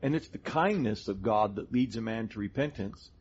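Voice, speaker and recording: Husky middle-aged male Bible teacher, earnest and methodical, on a dull lo-fi recording. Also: lowish voice, lively intonation, normal speed, a little mellow. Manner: earnest, explains doctrine step by step. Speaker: co-host of a Christian teaching show. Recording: dull lo-fi sound.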